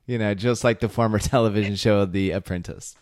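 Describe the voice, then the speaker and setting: A man co-hosting a podcast, telling a story in a relaxed, chatty way with fillers. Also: fairly low pitch, brisk, no room sound, studio quality. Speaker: podcast co-host. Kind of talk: casual podcast chat.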